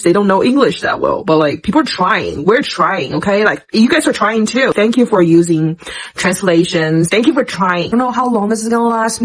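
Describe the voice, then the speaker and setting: A young woman from China, talking earnestly and warmly straight to the camera in casual chat. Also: medium pitch, poor audio. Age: young adult. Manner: earnest and warm, with lively quoted voices. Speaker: social media commentator.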